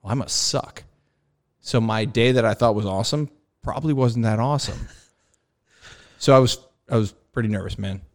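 A man in mid-range pitch tells a story on a podcast with lots of energy. He slips into quoted dialogue and breaks into laughter as he goes, in a relaxed chatty way. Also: normal speed. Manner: animated, acts out quoted dialogue, laughs often. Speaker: podcast host, former carrier pilot. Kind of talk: casual storytelling chat.

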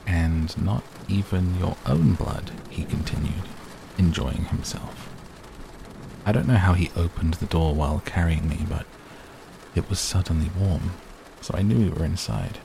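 A man reads a novel aloud at a measured, unhurried pace. His voice is very low with a gravelly edge. A constant hum sits under the recording. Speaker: narrator. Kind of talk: audiobook narration.

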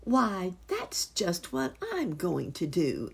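A woman voicing a small, friendly male circus poodle in a storybook, with an eager, high and breathy little voice. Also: big pitch swings, a little slow, a little mellow, exaggerated voice.

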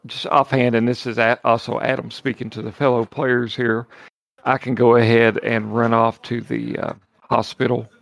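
A man's voice: medium pitch, vocal fry, dry recording. A man playing a tabletop game, talking in a loose, rambling, joking way. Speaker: player.

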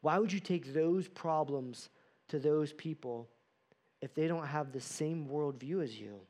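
An earnest man preaching a sermon from the pulpit. His voice sits a touch higher than most men's. He asks his listeners plenty of rhetorical questions. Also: unhurried, darkish tone. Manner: earnest, uses rhetorical questions and acted-out quotes. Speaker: pastor.

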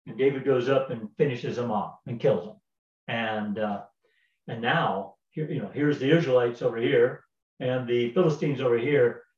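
A man's voice: mid-range voice, normal speed. A man casually retelling a Bible story in a folksy way, with fillers and repeated words. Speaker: Bible teacher. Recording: roomy, distant, dull sound.

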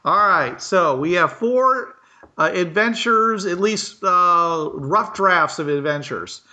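A man's voice: high-pitched, animated, takes it slowly, sharp tone. A man hosting a casual chat, chuckling often and asking clarifying questions. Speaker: host.

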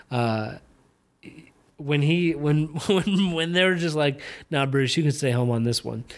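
A young man hosting his own podcast, chatting casually and rambling with lots of fillers and restarts, now and then slipping into a slight Southern twang. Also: mid-range voice. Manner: slips into a slight Southern twang on country music. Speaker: podcast host. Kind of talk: casual solo chat while watching fights.

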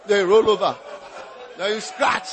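A man preaching a sermon as pastor, teasing his listeners with repeated lines and breaking into shouts and laughter. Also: high voice, normal speed, vocal fry, noisy background.

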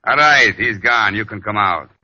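Man playing a gangster, low voice, sneering, threatening, crisp bright tone, faint hiss, lo-fi old radio. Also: moderate pace, natural voice. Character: menacing male gangster loan shark. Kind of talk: 1940s radio acting. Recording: dull lo-fi old radio recording.

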